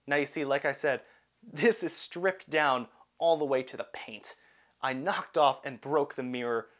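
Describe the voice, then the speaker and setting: A young man narrating a personal story in an animated, self-deprecating way. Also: mid-range voice, measured pace.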